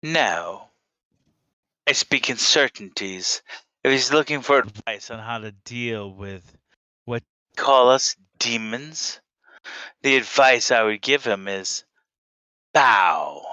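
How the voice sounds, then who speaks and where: A man voicing a cold, faceless female Sith who worships power, speaking in slow, flat, commanding pronouncements. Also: mid-range voice, clear, resonant tone, dry recording, rough recording. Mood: menacing.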